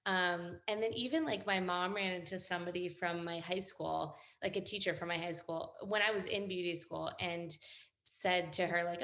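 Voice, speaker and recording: A woman's voice: on the low side, fairly even intonation, normal speed, a bit bright. A young adult woman, a hair educator, chatting casually as a podcast guest, agreeable and upbeat. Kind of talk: casual interview chat.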